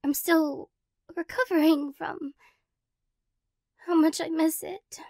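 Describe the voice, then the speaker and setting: Super high soft-voiced woman doing a whispered role-play as a teary ex, slow and rambly, dry close sound. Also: steady tone, dry recording. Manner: soft, rambling, self-conscious and emotional. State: teary after crying. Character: tearful ex-girlfriend woman, lovesick and flustered. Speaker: ASMR role-play performer.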